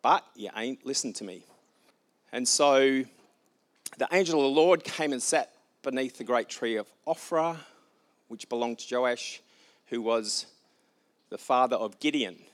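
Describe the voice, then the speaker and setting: A man's voice: medium pitch, a little slow, pauses often. A man preaching informally, retelling a scripture story with casual asides and light humor.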